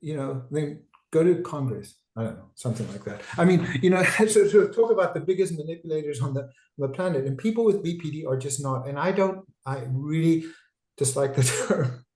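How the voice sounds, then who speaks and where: A man's voice: fairly high pitch, animated, a little fast, a little mellow, echoey room, poor audio. A man, a psychiatrist, giving a conversational webinar talk over a video call, digressive and full of restarts. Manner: talkative, digressive, with frequent restarts.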